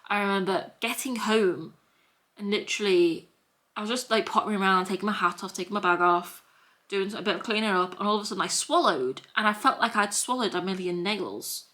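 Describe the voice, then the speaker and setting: Young woman, Scouse accent, casual storytime vlog, rambling and repetitive, bright clear tone, pitch in the middle. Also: a little fast. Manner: rambling and repetitive, piling up restarts. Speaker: vlogger. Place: at home, sitting in a hoodie.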